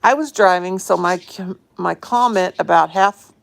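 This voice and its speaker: A woman's voice: on the low side, unhurried, vocal fry. A woman chatting casually and affectionately on a phone live stream from home, greeting viewers and her pets. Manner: chatty, affectionate, fond of pet talk. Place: home, indoors.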